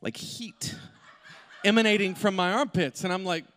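A middle-aged male pastor telling a funny personal story in an animated way, with asides to the congregation. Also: high-pitched, moderate pace, a little hiss or hum. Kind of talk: sermon with humorous personal story. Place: large church auditorium. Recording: long hall reverb.

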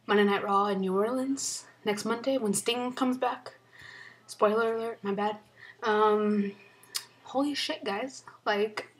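Excited young woman vlogging, swearing a lot. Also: mid-range voice. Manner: excited, rambling, swears a lot, drops to a whisper at times. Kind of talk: casual unboxing vlog. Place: her bedroom at home.

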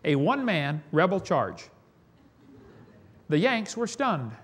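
A man's voice: high voice, sing-song, takes it slowly, fairly bright tone, husky. A man preaching a sermon, telling folksy stories with chuckles.

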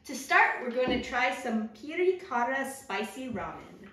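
An upbeat woman co-hosts a casual snack tasting, with a high voice that swings up and down as she reacts to each bite. She sounds far from the mic in a very echoey room with faint background noise. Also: very animated, a little slow, fairly bright tone. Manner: upbeat, chatty, exclaims at flavors. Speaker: co-host of a snack tasting video. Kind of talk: casual taste-test chat.

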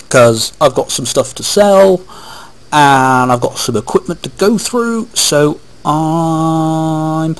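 A man's voice: fairly high pitch, low-quality recording. A man giving rambling, casual commentary over his gameplay, talking to himself, recorded on a webcam microphone. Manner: rambling, chatty, talks to himself while playing. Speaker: let's play host.

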